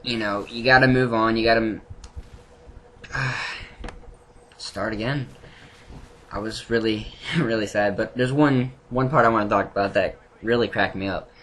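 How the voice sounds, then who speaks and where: A man casually recapping and reviewing anime episodes, rambling, with many restarts and animated asides. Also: fairly low pitch, moderate pace, long pauses, slight background noise. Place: home room.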